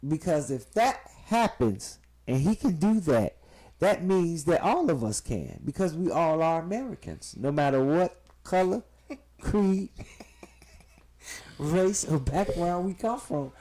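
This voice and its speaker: A man's voice: a little high, big pitch swings, slow, mellow. A man in his late thirties hosting a podcast and steering a casual chat with friends. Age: 30s. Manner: easygoing, bossy with the guests. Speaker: podcast host.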